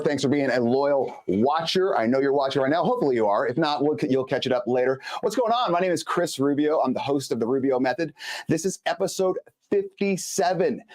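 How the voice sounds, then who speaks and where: A man's voice: medium pitch, darkish tone. A man in his forties from Los Angeles, hosting a live show with a chatty, emphatic monologue that speaks straight to viewers. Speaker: host.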